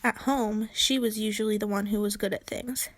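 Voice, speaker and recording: A woman narrating a children's book aloud in a clear, expressive storytelling voice. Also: mid-range voice, moderate pace, no echo.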